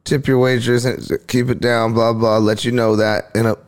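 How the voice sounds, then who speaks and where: A man's voice: mid-range voice, moderate pace, smooth. A man, a stand-up comedian, chatting casually on a podcast and animatedly acting out his exchanges with crowds. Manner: animated storytelling, acts out crowd exchanges, laughs often.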